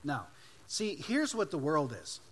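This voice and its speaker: A man preaching a sermon as pastor, emphatic, swinging between loud declarations and hushed asides. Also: a little high, big pitch swings, a little slow, a little hiss or hum.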